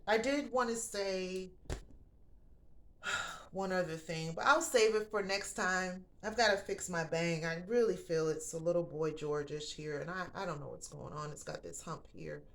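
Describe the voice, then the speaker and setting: A woman's voice: lowish voice, gravelly, a bit bright. Blunt, profane woman talking to viewers. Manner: blunt and profane, swearing freely; talks straight to viewers as "honey" and "baby". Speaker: host. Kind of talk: casual opinion monologue.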